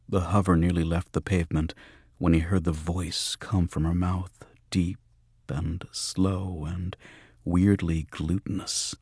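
A man narrating an audiobook in a measured, even storytelling manner. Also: low voice, husky, no room sound, clean studio sound. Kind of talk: scripted narration.

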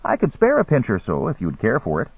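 A man's voice: mid-range voice, huge pitch swings, fast, vocal fry, breathy edge, dry recording, full character voice. Man playing a shrewd tavern-keeping dealer. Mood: businesslike. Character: shrewd male tavern owner and dealer, calm. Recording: dry, phone-like narrow sound.

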